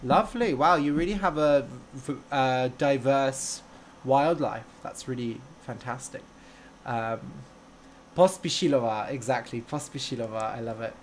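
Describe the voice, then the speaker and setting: Slow-talking man reading viewer comments. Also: mid-range voice, a little hiss or hum. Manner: slow, deliberate, friendly speech with fillers. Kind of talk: live stream chat.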